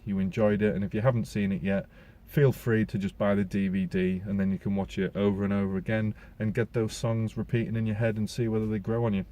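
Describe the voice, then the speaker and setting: A man's voice: on the low side, warm tone, a little hiss or hum. A man giving a casual spoken film review as a podcast host, rambling along with restarts and fillers.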